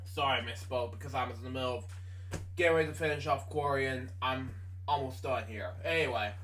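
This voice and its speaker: A young man reading facts aloud in a halting way, stumbling over words, full of ums and apologies for misspeaking, recorded from a distance. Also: mid-range voice, a bit bright. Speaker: amateur video maker reading facts aloud. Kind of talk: halting read-aloud narration. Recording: voice from a distance from the mic.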